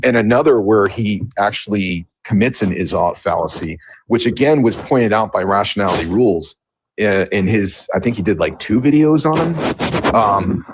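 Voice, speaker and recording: A man in a casual philosophical debate, talking in an assertive, lecturing way and quick to correct others. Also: on the low side, animated, background noise. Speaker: debate panelist.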